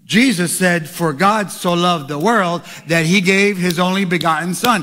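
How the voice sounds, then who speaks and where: A pastor preaching a sermon, moving from quiet asides to shouted calls to the congregation. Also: male voice, sits high, unhurried, hardly any pauses.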